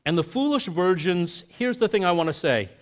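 Man pastor, fairly high voice, loose talky sermon with lots of fillers, swings from lively to hushed and earnest. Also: normal speed. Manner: chatty, full of "you know" and "like" fillers; moves between lively asides and quiet, earnest reflection. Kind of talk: conversational sermon.

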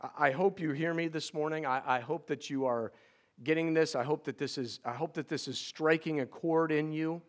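A middle-aged man preaching a sermon as pastor, earnest and pleading, often restarting words in quick repeats. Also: fairly high pitch.

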